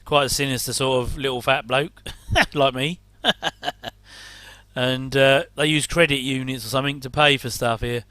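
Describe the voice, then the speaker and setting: A man's voice: medium pitch, steady tone, moderate pace, pushed and bright, clean tone, dry recording. A middle-aged English man rambling casually through a reaction commentary, with chatty, self-deprecating asides. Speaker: host.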